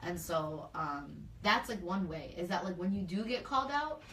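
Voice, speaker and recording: A woman's voice: fairly low pitch, very animated, moderate pace, fairly bright tone, far from the mic. A woman community organizer in a casual interview, speaking earnestly and loosely with lots of fillers. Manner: earnest, talks freely with many fillers. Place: indoor room, livestream. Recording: echoey room, off-mic.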